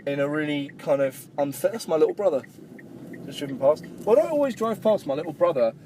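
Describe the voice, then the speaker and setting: A man's voice: on the high side, animated, fast talker. A young man co-hosting a podcast, chatting and teasing his friend while he drives. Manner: teasing, laughs often. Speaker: podcast co-host. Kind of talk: casual chat while driving. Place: inside a moving car. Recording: car with loud road noise. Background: road and engine noise.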